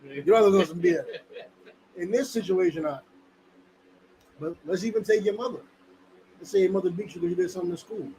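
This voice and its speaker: A man's voice: sits high, fast talker, pauses often, warm tone, a little hiss or hum, rough recording. A man with a New Jersey accent leading a Bible lesson in blunt, profane, emphatic street talk, explaining scripture in everyday terms. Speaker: teacher leading a scripture study.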